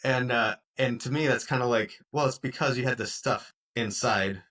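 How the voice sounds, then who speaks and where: A man's voice: medium pitch, normal speed, a bit bright. A man co-hosting a podcast in casual chat, speaking openly and reflectively about his feelings. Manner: open, reflective, candid about emotions. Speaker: podcast co-host.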